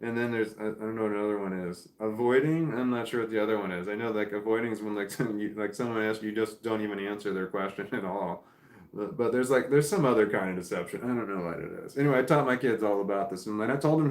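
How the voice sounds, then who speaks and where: A man's voice: fairly low pitch, quick pace. A middle-aged man chatting casually with live viewers, rambling, restarting sentences and swearing offhand. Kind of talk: casual live chat, reading comments. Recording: roomy echo.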